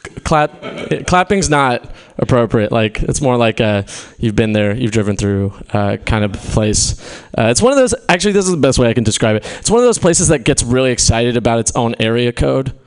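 A man's voice: medium pitch, lively intonation, fairly quick, clear, resonant tone. Young man, stand-up comedy, rambling and self-deprecating, laughs at his own jokes, small live room.

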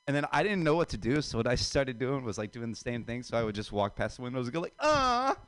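A man's voice: medium pitch, quick pace, no room sound. A man doing a stand-up comedy set in a dry, self-mocking way. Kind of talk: stand-up set at open mic.

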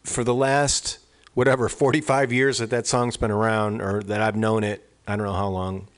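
Rambling, chatty middle-aged radio host. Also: male voice, fairly low pitch, level tone, normal speed. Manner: rambling, chatty, with restarts and asides. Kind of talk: casual on-air storytelling.

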